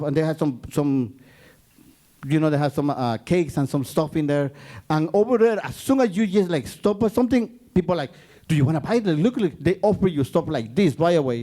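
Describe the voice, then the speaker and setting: A man from Guatemala, telling a story on stage and acting out the voices of the people in it. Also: on the high side. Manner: animated, acts out the voices in his story. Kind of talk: live storytelling.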